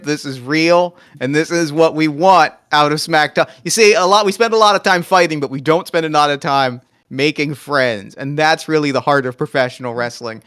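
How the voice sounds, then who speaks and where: A man's voice: a little high, a bit bright, clear, resonant tone. A man hosting a comedy podcast game, officiating the rounds and announcing winners with upbeat game-show flair. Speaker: host.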